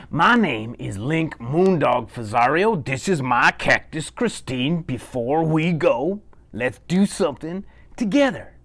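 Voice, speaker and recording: A man telling a children's bedtime story in an animated, chatty way, often repeating his words. His voice is gravelly and swings widely in pitch. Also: a little slow. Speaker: puppeteer storyteller.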